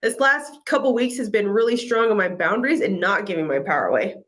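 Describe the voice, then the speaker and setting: A woman talking casually about spiritual topics in a relaxed, affirming way, over a video call. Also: mid-range voice, fast talker. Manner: relaxed, affirming, quotes herself. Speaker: co-host.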